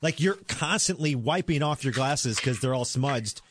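A man co-hosting a casual gaming podcast, lively and opinionated. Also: mid-range voice, normal speed, background noise. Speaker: podcast co-host.

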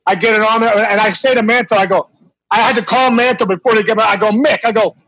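A middle-aged man with a high, husky voice tells a story casually, full of restarts and laughter. He sounds lively and animated as he goes. The recording is dry and close. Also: fast, no room sound, rough recording. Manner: animated, laughing anecdote teller with many restarts. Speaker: former ballplayer guest.

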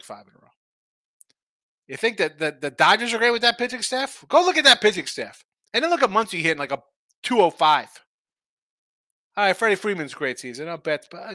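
A man's voice: sits high, sharp tone, no echo. A man hosting a sports betting show, talking casually and rambling through opinionated takes full of rhetorical questions.

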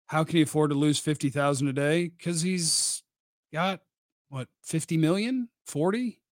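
A man's voice: a little high, normal speed, dry recording, studio quality. A man hosting casual live-stream sports commentary, blunt and opinionated with a rambling delivery. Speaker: sports radio host.

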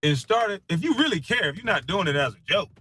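A man in a heated, profane monologue, defiant and mocking, laughing scornfully and swinging between low mutters and loud taunts. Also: sing-song, fast talker, slightly rough. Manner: casual slang-heavy speech.

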